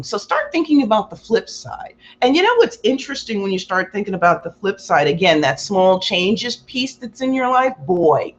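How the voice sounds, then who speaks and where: A woman's voice: medium pitch, lo-fi sound. A woman giving a conversational, encouraging motivational talk with casual fillers.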